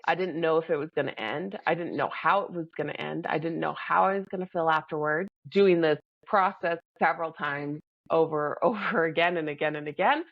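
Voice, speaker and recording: Calm low-voiced woman, dry dull sound. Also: no room sound. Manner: measured and reflective, pausing to breathe. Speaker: podcast co-host. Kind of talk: casual reflective chat.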